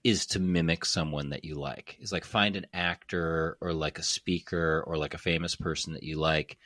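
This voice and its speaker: A man talking in a casual podcast conversation, animated and playful, slipping into mimicked accents. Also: a bass voice, moderate pace, dry recording, studio quality.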